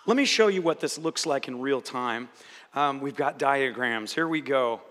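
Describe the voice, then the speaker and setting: A man preaching a sermon as pastor, animated and acting out quoted conversations. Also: medium pitch, moderate pace. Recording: long hall reverb.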